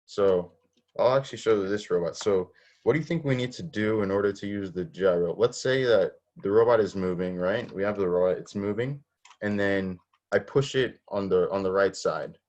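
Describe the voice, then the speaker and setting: A man teaches an online robotics coding lesson step by step, asking students questions and often restarting his sentences. His voice is fairly low with a darkish tone at normal speed, and the highs are cut off.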